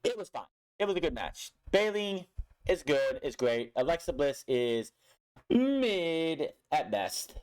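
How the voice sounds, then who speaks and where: A man's voice: medium pitch, smooth. A young man recapping a wrestling show in a casual, blunt way, swearing often and sounding frustrated with the booking.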